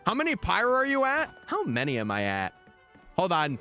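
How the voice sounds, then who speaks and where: A young man streams live, chatting casually and answering viewer messages while faint music plays behind him. His high-pitched voice swoops wildly, pushed and bright, at a normal speed.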